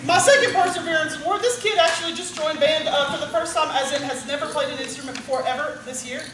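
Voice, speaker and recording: A woman who directs a band, announcing student awards at a banquet and calling out names with warm pride. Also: high voice, fast talker. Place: school gym. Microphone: far from the recording device. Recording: echoey gym taped from far off. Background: crowd murmur and noise.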